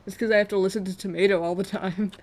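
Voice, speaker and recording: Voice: mid-range voice, steady tone, fast, darkish tone. A streamer chatting casually during a late-night live game stream, joking, rambling and laughing often.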